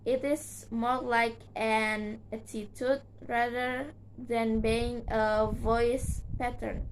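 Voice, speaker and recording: Slow, halting young woman presenting. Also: on the high side, level tone, slight background noise, rough recording. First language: Indonesian. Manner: slow, halting delivery with frequent "uh" fillers and restarts. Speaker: student presenter. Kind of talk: reading a class presentation.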